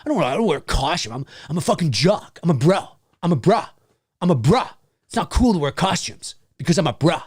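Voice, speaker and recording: A man's voice: on the high side, very animated, a little fast, a little mellow, husky, dry recording, clean studio sound, voice pushed down. A man doing an impression of a cocky, dismissive teenage jock who keeps repeating slang. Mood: swaggering. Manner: repetitive, slangy, swaggering.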